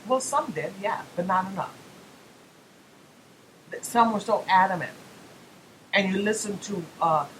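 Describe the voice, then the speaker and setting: A woman's voice: fairly low pitch, a bit bright, a little hiss or hum, poor audio. A woman hosting a political talk radio show, speaking emphatically with rhetorical questions and folksy asides.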